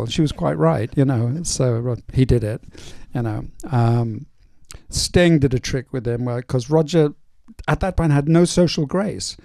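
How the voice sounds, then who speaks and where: An older male film director in a casual stage Q&A, telling anecdotes in a relaxed way with many fillers. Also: mid-range voice, normal speed, gravelly, no echo, clean studio sound. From North East England. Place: cinema auditorium.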